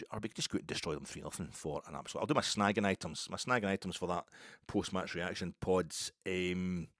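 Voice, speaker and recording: A Scottish man talking in a rambling, sweary casual monologue as a football podcaster, with loud bursts. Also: sits low, no echo, studio quality.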